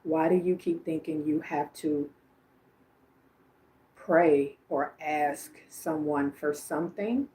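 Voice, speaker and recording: A woman with a low, deep-set voice hosts a live psychic reading stream. She talks in a loose, chatty way, relaying messages to viewers and breaking into easy laughter between phrases. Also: slow pace, dark tone. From Illinois. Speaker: psychic medium and livestream host. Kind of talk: casual livestream psychic reading.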